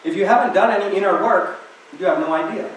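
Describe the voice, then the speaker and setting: A man's voice: high voice, quick pace. Man telling stories in an echoey hall. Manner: conversational storytelling. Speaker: speaker at a temple talk. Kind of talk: reflective spiritual talk with stories. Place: temple hall. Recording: echoey hall from far off, faint hiss.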